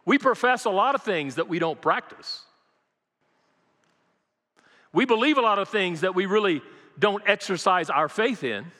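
An older male pastor preaching with a high, bright voice that rings through a church hall. He fires rhetorical questions at the congregation and repeats his key lines. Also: expressive, normal speed, pauses often. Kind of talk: sermon. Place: church sanctuary.

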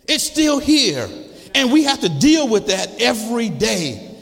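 A man preaching a sermon as a church's congregational director, impassioned and repetitive, building up to shouting. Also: very high-pitched, big pitch swings, a little slow, vocal fry. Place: church sanctuary. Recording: long church reverb.

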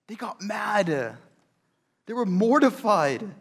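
A male preacher retelling a scripture story in an animated, conversational way, with rhetorical questions to the audience. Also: high voice, a little slow. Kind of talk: sermon storytelling.

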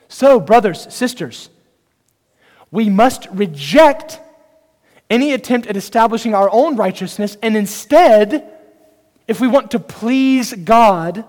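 A man's voice: high voice, animated, takes it slowly, darkish tone, big-room sound. A man preaching a sermon as pastor, earnest and direct, putting rhetorical questions to the congregation.

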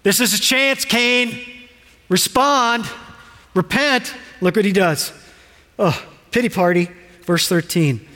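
High-voiced man preaching in a reverberant hall. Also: takes it slowly. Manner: animated preaching, rhetorical questions, dramatized quotes. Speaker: pastor. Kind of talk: sermon.

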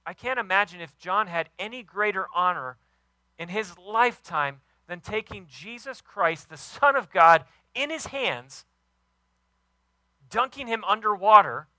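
An enthusiastic man in his thirties delivers a sermon, leaning hard on key words and acting out quotes. His voice sits high and sounds very bright and forward. The recording is dry, with almost no room sound. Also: animated, a little slow, no echo, low-quality recording. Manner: enthusiastic, emphatic preaching with acted quotes. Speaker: pastor.

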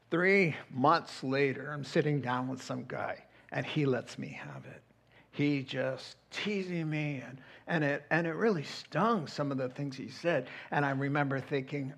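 A middle-aged man preaching a sermon as pastor, animated and acting out quoted voices. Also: on the high side, moderate pace, gravelly.

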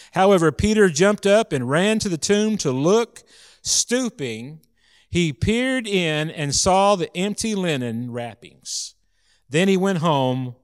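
A man preaching a sermon in an earnest way, rising to loud emphasis and dropping to soft, hushed lines. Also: a little high, clean tone. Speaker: pastor.

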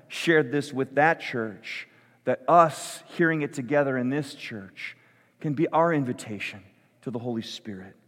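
A male pastor delivers a sermon at a slow, deliberate pace. His mid-pitched voice rises for emphasis and sinks to near-whispers. A long reverb trails his words through the church hall. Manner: slow, measured preaching that swells and drops to a hush. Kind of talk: sermon with read-aloud prayer. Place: church sanctuary.

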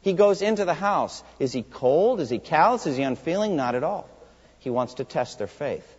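A man's voice: a little high, lively intonation, normal speed, a little mellow, breathy edge. A man preaching an expository sermon in a church sanctuary, emphatic and putting rhetorical questions to the congregation. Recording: long hall reverb, dull lo-fi sound.

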